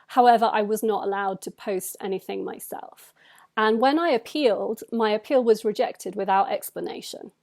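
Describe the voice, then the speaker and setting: A woman writer speaking in a personal reflection, thoughtful and measured, pausing often to gather her words. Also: mid-range voice, darkish tone. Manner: thoughtful, measured, frequent hesitations.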